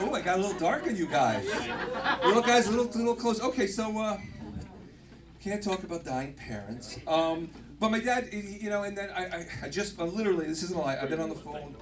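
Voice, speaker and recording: Middle-aged male stand-up host with a high voice, loose rambling delivery, heard from a distance over a loud laughing crowd. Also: animated, brisk. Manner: rambling, self-interrupting punchlines. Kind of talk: stand-up comedy. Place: comedy club stage. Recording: distant mic, loud live audience. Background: audience laughter.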